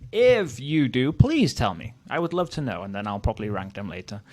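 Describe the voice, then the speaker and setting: A man's voice: medium pitch, sing-song, fairly quick, a little mellow. A Welsh man from Wales giving casual, opinionated commentary as the host of a history channel, thinking aloud as he goes. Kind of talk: casual tier-list commentary.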